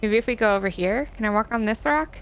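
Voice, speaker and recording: A woman's voice: on the high side, fast. A woman live-streaming a video game in casual chat, reading and answering her viewers and giggling often.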